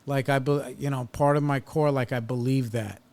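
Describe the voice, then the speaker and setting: A man's voice: medium pitch, steady tone, moderate pace, a little mellow. A man in his thirties hosting a podcast, telling a personal story in a blunt, profane, casual way and reliving an argument with rising heat. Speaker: podcast host.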